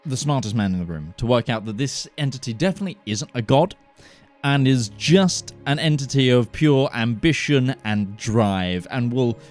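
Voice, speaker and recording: A man's voice: medium pitch, animated, normal speed, darkish tone, soft background music. A man running a tabletop game as game master, laughing often as he narrates.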